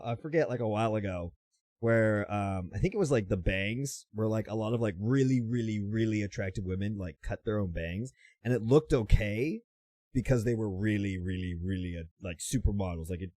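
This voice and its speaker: A man's voice: on the low side, a little mellow, no room sound, studio quality. A man hosting a casual reaction video, teasing and chuckling at what he watches.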